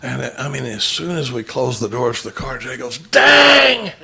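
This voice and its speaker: A man's voice: medium pitch, fairly quick, vocal fry, a bit bright. A middle-aged man speaking at a recovery meeting, telling stories with quoted dialogue and laughing often.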